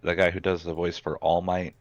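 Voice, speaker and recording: A player in a tabletop game, chatting casually and pausing often mid-thought. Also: low-pitched, little pitch movement, no room sound, dull audio.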